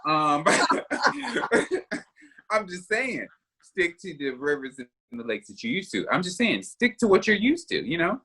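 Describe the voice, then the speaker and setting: A man's voice: high-pitched, big pitch swings, slow, bright, forceful tone. A man co-hosting a podcast, teasing his co-host in casual banter and laughing often.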